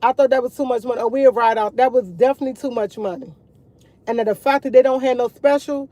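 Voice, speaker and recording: Woman with a warm, mellow voice chatting. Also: high voice, fairly even intonation, quick pace, dry recording. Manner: rambling, repeats herself, addresses viewers as y'all. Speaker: vlogger. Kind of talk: casual morning chat to viewers.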